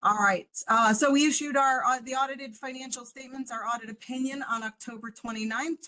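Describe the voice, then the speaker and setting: A woman's voice: on the high side, bright, forceful tone, rough recording. A woman auditor presenting a report to a board over a video call, explaining step by step with frequent "um"s. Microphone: computer mic on a video call.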